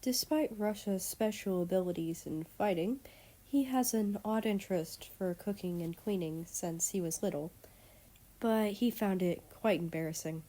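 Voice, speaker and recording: Mellow woman reading a story aloud. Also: medium pitch, moderate pace. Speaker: story reader. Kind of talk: reading fan fiction aloud.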